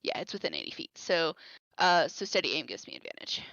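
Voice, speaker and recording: A woman with a bright, forceful voice talks through her character's turn over a voice call, blunt and joking and swearing freely. Her dry, close sound comes through a dull, lo-fi home microphone. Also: low voice, big pitch swings, a little fast, vocal fry, no room sound. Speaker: player. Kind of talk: casual game talk on a voice call.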